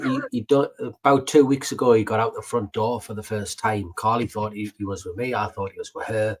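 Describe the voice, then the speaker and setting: A man, co-hosting a podcast and telling family stories in casual chat, full of fillers and the odd swear. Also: fairly low pitch. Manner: chatty, swears, tells stories with many fillers. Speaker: podcast co-host.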